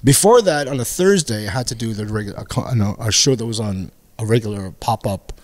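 Middle-aged male comic from Canada, animated storyteller, dry close mic. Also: lowish voice, brisk, dry recording. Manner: animated anecdotes with acted-out quotes. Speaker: guest comedian. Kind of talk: casual podcast storytelling.

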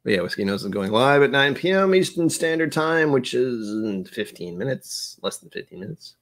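A man's voice: medium pitch, sing-song, normal speed, hardly any pauses, fairly bright tone. An American man in his forties hosting a casual livestream chat, rambling and joking with frequent chuckles. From United States. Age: 40s. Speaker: livestream host.

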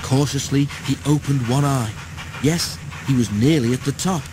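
A man narrating a children's storybook in a steady, measured way. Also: medium pitch, background noise. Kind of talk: storybook read-aloud.

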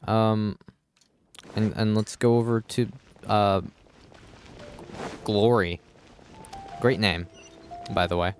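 A man's voice: fairly low pitch, fairly even intonation, takes it slowly, long pauses, faint music behind. A man live streaming a game in casual chat, distracted and muttering hold on as he fixes settings, swearing casually and talking back to chat. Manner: distracted, keeps saying hold on while fiddling with settings.

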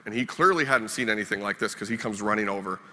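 A keynote speaker from Minnesota, voice on the low side, talks quickly in a pushed, bright tone. He delivers a storytelling speech full of dry, self-deprecating humor, and the conference hall around him is reverberant.

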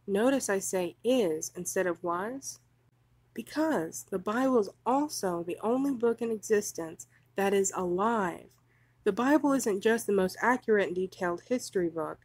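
An earnest woman narrates religious commentary, stressing her points firmly. Her voice sits in the middle range and has a slightly breathy edge. The sound is dry and close. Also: mid-range voice, a little mellow, no echo. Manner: earnest, emphatic. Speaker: channel host.

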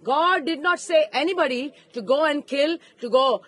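Brief: female street preacher, high voice, impassioned, outdoor park, handheld mic. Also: expressive, normal speed, hardly any pauses, no room sound. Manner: fervent, rising to emphatic shouts.

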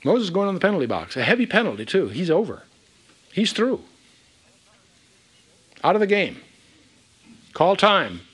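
Male Bible teacher, somewhat high voice, very lively delivery, emphatic scripture reading. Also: moderate pace, pauses often, slightly rough. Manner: animated, emphatic, reads scripture aloud with asides.

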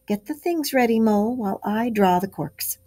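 Hearty, masterful male rat, quick to give orders, read by a woman. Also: fairly high pitch, lively intonation, mellow, pitched above the performer's own voice. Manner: hearty, commanding.

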